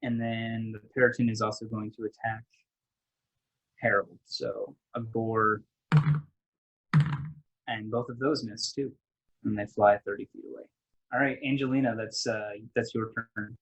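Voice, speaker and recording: A man runs a tabletop game in a husky, slightly breathy voice. He narrates at an easy pace and keeps restarting his sentences with small fillers. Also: lowish voice, unhurried, pauses often, rough recording. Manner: relaxed, with frequent fillers and rephrasing. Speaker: game master.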